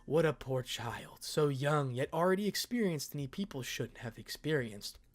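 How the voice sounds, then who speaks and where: A man reading fan fiction aloud, voicing Lady Death, a gentle, motherly female spirit with a teasing side. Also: fairly high pitch, animated, moderate pace. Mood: tender.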